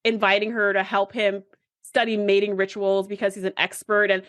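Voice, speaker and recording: A woman's voice: medium pitch, flat delivery, normal speed, a bit bright, no echo, studio quality. A woman co-hosting a podcast in an eager, gushing, chatty way. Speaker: podcast co-host. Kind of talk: casual chat.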